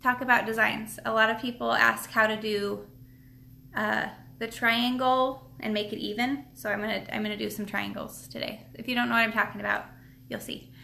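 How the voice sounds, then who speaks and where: A little high, gravelly and sharp, her voice has little pitch movement and a moderate pace, with slight background noise. Seated at a table at home, the nail product seller and stream host gives a chatty, rambling tutorial with frequent fillers and restarts, slightly out of breath.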